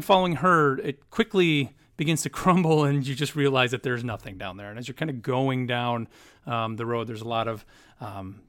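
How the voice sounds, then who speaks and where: A man's voice: mid-range voice, fairly bright tone. A man narrating as game master of a tabletop game, rambling with many fillers.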